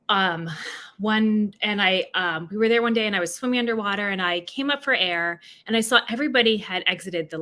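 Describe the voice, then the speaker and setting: Woman, author interview, from New Jersey, bright tone, lots of um and restarts, video call audio. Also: mid-range voice. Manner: halting, many fillers and restarts. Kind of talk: livestreamed book event conversation.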